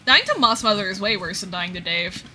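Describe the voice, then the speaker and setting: A woman's voice: mid-range voice, animated, fairly quick, sharp tone, soft background music. A woman in her twenties streaming, telling stories in a casual chat, acting out the people she quotes and sounding out of breath. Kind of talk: casual chat while gaming.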